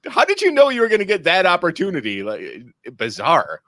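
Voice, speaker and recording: A man co-hosting a casual movie podcast, wry and laid-back, often laughing. His pitch swings up and down as he talks. The sound is dry and close. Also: wildly swooping pitch, a little fast, a bit bright, no room sound. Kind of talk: casual movie review chat.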